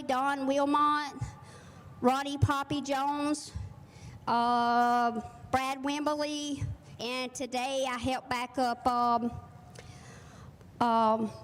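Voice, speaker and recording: A woman from South Carolina, introducing herself on a handheld mic, hesitant and pausing with fillers. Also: sits high, in a large hall, slight background noise. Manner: hesitant, listing names with fillers. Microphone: handheld microphone.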